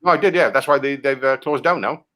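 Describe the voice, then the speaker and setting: A Welsh man in improvised comedy chat, swearing and ranting crudely as he tears into film pitches. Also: fast talker, sharp tone. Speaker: comic guest critiquing film pitches.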